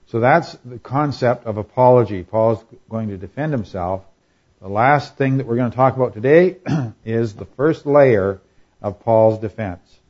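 A man teaching a class on scripture, pausing often with fillers and checking in with "all right?". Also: medium pitch, darkish tone, muffled recording. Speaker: Bible teacher.

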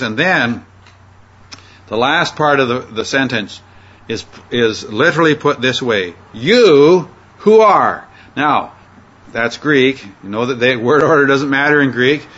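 Male Bible teacher, bright and slightly husky, casual halting lecture, muffled lo-fi sound. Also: medium pitch. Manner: conversational, halting with fillers and restarts. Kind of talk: informal Bible study lecture. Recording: dull lo-fi recording.

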